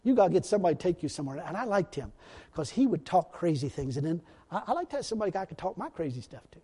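A high-pitched male preacher telling stories from the pulpit in a folksy, rambling manner. His voice carries a long reverb from a large hall. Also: very animated, rapid-fire, warm tone, slightly rough. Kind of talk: storytelling sermon.

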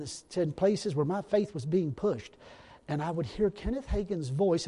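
A man's voice: sits high, mellow, slightly rough. A man preaching a storytelling sermon in a folksy, rambling way, often laughing at his own stories. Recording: long reverb in a hall.

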